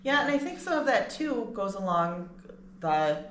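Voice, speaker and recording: A woman co-hosting a casual podcast chat, lively and playful. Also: medium pitch, moderate pace. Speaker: podcast co-host. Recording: roomy with faint ambient noise.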